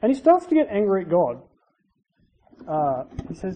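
Aussie preacher, chatty sermon, goes loud then drops real quiet, dull lo-fi recording. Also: mid-range voice, wildly swooping pitch, normal speed, long pauses. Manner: conversational, with asides and rhetorical tag questions; swings between loud emphasis and quiet, dropped endings. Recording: dull lo-fi recording with faint hiss.

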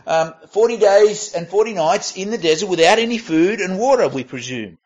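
A man preaching a sermon in a conversational way, reading scripture aloud and pausing to rephrase. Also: high voice, muffled recording. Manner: conversational, reads scripture aloud, with pauses and restarts.

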